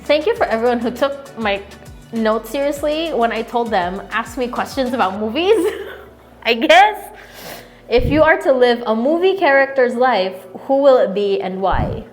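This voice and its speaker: A woman's voice: a little high, lively intonation, normal speed. Giggly young woman chatting, music behind. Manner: giggly, rambling, sentimental, laughs often. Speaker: host answering viewer questions. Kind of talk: casual Q&A chat.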